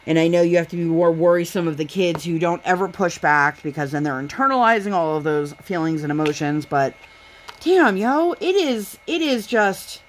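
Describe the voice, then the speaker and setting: A woman's voice: low-pitched, a little fast, hardly any pauses, slight background noise. A mother in her thirties chatting casually while she crafts, rambling and candid, venting her frustration with sighs. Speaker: vlogger and mother.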